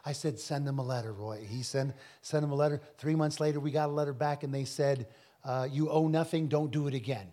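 A man ministering at a church Q&A, telling a personal testimony with frequent restarts and bursts of shouted scripture. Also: mid-range voice, fairly quick. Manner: animated, rising to shouted scripture with audience call-outs; repeats and restarts words often.

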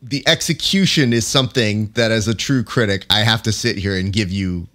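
A man's voice: lowish voice, normal speed, bright, forceful tone. A man hosting a casual chat, playfully critiquing a guest's celebration and acting out quotes in silly voices. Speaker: podcast host reviewing a guest's clip.

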